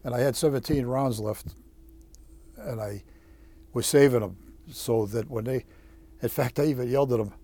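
A man, a former Marine, telling his war story in an interview, halting with many restarts and blunt swearing. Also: medium pitch, warm tone. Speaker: veteran interviewee. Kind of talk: oral history storytelling.

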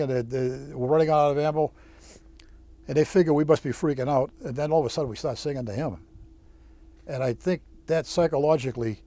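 A man, a former Marine, telling his war story in an interview, halting with many restarts and blunt swearing. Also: mid-range voice, mellow. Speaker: veteran interviewee. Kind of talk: oral history storytelling.

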